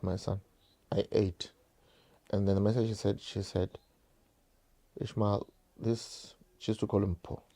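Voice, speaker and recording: A man's voice: on the low side, gravelly, dark tone. A South African man telling a painful personal story straight to his viewers, repeating phrases and calling them guys. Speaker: vlogger.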